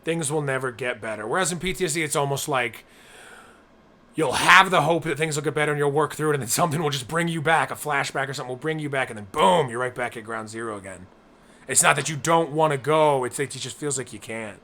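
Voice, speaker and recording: A man's voice: medium pitch, fast, sharp tone. A young man co-hosting a casual podcast, talking earnestly and at length, acting out people's inner thoughts as he goes. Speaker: co-host.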